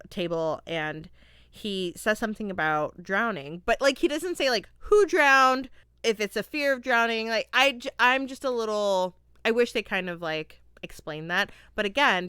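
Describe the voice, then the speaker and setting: A woman's voice: medium pitch, sharp tone, clean tone, no echo, clean studio sound. A young woman from Florida hosting a solo podcast movie review, chatty and often laughing as she acts out quotes. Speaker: podcast host.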